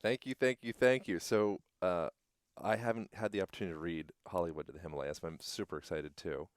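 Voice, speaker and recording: A man's voice: deep voice, quick pace, smooth, dry recording, studio quality. A man hosting a podcast outdoors, musing and thinking aloud in a casual, rambling way. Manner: musing, rambling, uses fillers like "like". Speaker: podcast host. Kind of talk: casual reflective conversation.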